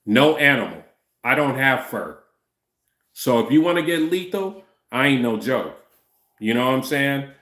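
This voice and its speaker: A man in his fifties hosts a laid-back livestream and answers the chat as he goes. His voice sits at an ordinary middle pitch, and he often stumbles and restarts. The sound is echoey, as if the room around him bounces it back. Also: sing-song, unhurried, pauses often, fairly bright tone. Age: 50s. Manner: loose, repeats "you know what I'm saying", stumbles and restarts.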